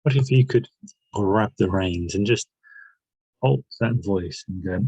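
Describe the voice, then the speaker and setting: A man's voice: fairly low pitch, measured pace, long pauses, mellow, husky, no room sound, dull audio. A man leading a self-help workshop, talking through guided reflection with many questions and restarts. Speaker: workshop leader.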